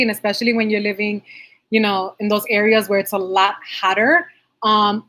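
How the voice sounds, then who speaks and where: A young adult woman who works as a makeup artist answers viewer questions in a casual livestream. Her mid-range voice is fairly bright, and she's bubbly and chatty, laughing often.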